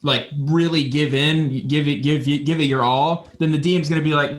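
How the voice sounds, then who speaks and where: A man's voice: fairly high pitch, steady tone. A man from Texas chatting casually as a podcast host, loose and swearing freely. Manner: loose, swearing, quick to laugh along.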